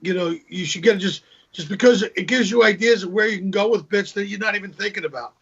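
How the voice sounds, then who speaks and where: Male comic guest, higher voice, husky, muffled call audio. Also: fast. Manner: storytelling, acts out joke voices, repeats words. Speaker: guest comedian. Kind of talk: casual video call interview. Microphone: video call. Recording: dull lo-fi video call audio.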